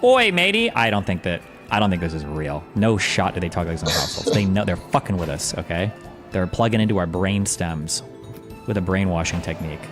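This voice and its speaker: A man's voice: deep voice, fairly quick, music in the background. A man streaming while he reacts to a video, ranting in a casual, sarcastic and profane way. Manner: animated, sarcastic, profane rants.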